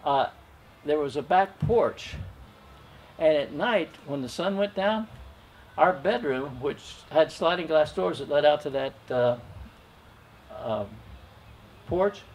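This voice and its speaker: Older male storyteller at an open mic; folksy, chuckling delivery, a bit high-pitched, faint noise behind. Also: lively intonation. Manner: gentle, chuckling, folksy pauses.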